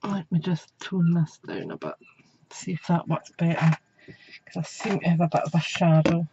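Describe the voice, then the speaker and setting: A woman's voice: lowish voice, steady tone, moderate pace, muffled recording, background noise. A woman giving a crafting tutorial from her desk at home, chatting as she works with her hands. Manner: chatty, talks while working with her hands. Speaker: craft demonstrator. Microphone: camera mic.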